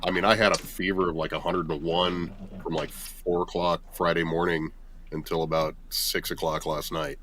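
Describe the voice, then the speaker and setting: Deep-voiced male guest, congested, weary and rambling, bright tone. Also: little pitch movement, normal speed, a little hiss or hum. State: congested with a cold. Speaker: guest at the jam. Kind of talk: casual chat.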